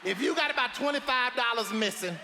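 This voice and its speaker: An actor playing a blunt, preachy elderly grandmother with a loud, sassy drawl full of folksy sayings. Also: extremely high pitch, a little fast, in a large hall, very noisy. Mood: sassy lecturing. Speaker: advice-giving matriarch. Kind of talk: film comedy-drama acting.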